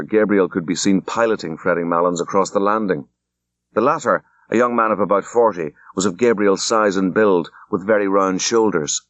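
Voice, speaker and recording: A man reading a classic story aloud as an audiobook, in an unhurried, measured narration. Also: sits low, no room sound. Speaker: audiobook reader. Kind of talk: scripted narration.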